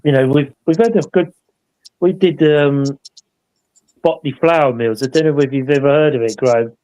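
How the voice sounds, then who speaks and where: A man tells a story in a loose, rambling way and keeps checking for agreement with tag questions. His voice sits a little higher than most men's. He sounds like an easygoing co-host chatting on a live show. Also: normal speed, warm tone, low-quality recording. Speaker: paranormal investigator co-hosting a live show. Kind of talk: casual anecdotal storytelling.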